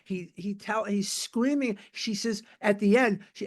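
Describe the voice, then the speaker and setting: Older man with a high voice, telling his story. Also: a little slow. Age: 70s. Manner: blunt, emphatic storytelling with repeated phrases. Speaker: speaker sharing his recovery story. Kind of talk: personal testimony at a recovery meeting.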